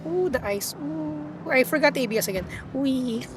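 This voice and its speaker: A young woman streaming a driving game, excitable and swearing, laughing and talking to her chat. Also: sits high, a little fast, background noise. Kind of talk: casual live-stream chat while gaming.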